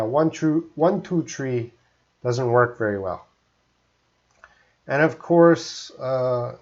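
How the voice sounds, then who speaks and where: A middle-aged Canadian man with a Canadian English accent, teaching English on a live stream in a relaxed, explanatory way. His voice sits in an ordinary middle pitch. The audio is a bit dull and lo-fi. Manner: chatty and explanatory, often answering viewers' questions.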